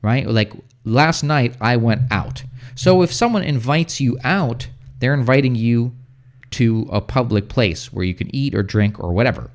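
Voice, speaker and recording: An American man giving a casual livestream English lesson, chatting with viewers and explaining words slowly, often checking with "right?". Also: medium pitch, animated. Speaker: English teacher. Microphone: streaming setup.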